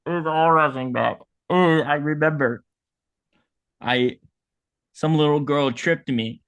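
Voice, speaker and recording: A man's voice: fairly high pitch, slow pace, fairly bright tone, smooth. A man playing a self-pitying dead hot dog vendor who rambles melodramatically in an improvised comedy bit. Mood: melodramatic. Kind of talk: improvised comedy role-play.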